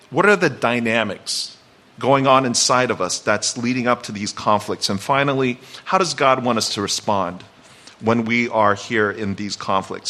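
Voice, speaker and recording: A man's voice: medium pitch, sharp tone. A man in his forties, a guest pastor, preaching in a church in a conversational, reflective way with light self-deprecating humor. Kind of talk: sermon with personal story. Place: church sanctuary.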